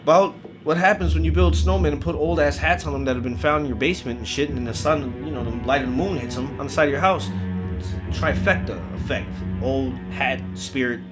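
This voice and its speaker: A man telling a comic horror story in a profane, animated way, crying out as he acts the pain. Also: mid-range voice.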